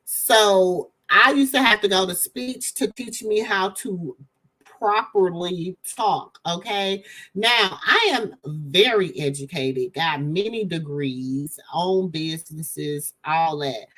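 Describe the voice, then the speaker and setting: A woman's voice: fairly low pitch, slow pace, a bit bright. A middle-aged woman with a Southern drawl hosts a casual chat, reacting to viewer comments in a rambling, slangy way. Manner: rambling, talks straight to viewers, leans on slang.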